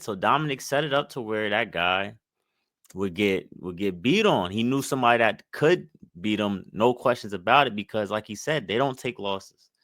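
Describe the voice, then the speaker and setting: Here a man comments on an interview clip for his channel, rambling reflectively and leaning on fillers such as "like" and "mind you." His voice is mid-range and a touch bright, captured in clean studio sound without echo.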